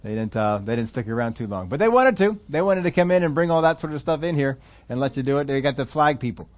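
A man preaching a sermon in a conversational storytelling way, laughing between points and rising into loud emphatic quotes. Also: mid-range voice, lively intonation, fast talker, dull audio. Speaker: pastor.

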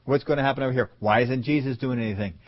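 A man preaching a sermon who acts out voices calling names, swinging from loud calls to soft, low lines. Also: rapid-fire. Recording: dull lo-fi audio.

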